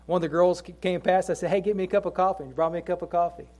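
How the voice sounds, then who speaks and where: Preaching a sermon, this middle-aged pastor alternates between conversational stories about his family and scripture lines he repeats slowly and emphatically. He has a high-pitched, slightly mellow voice with fairly even intonation.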